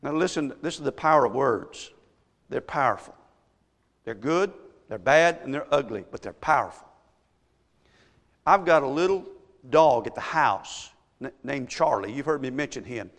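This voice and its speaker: A man's voice: medium pitch, lively intonation, normal speed, big-room sound. A man preaching a sermon as pastor, driving his points home with rhetorical questions.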